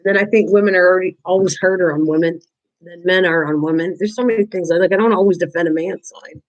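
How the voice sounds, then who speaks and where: On a dull-sounding recording, a chatty older woman talks quickly in a lowish voice as she crafts during a livestream. She keeps addressing viewers by name, frequently starting her thoughts over.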